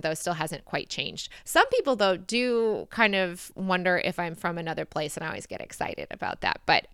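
A woman's voice: on the low side, pushed and bright, clean tone, no echo, clean studio sound. A woman in her thirties with an American accent, hosting a podcast and answering listener questions in a chatty, reflective way. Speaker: podcast host. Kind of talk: casual podcast Q&A.

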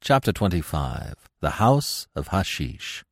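A man giving scripted narration of a classic tale in a measured, expressive way. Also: deep voice, gravelly, dry recording, studio quality. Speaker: audiobook narrator.

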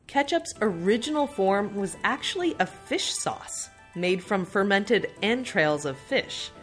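A co-host of a food history podcast reads her scripted parts matter-of-factly in an animated, medium-pitched voice, a little slowly. Faint music plays underneath.

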